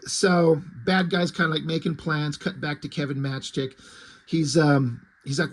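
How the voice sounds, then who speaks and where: A man's voice: a little high, steady tone, a little slow. A man casually recapping a comic book's plot, rambling with lots of "like" and restarts. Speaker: comic book reviewer.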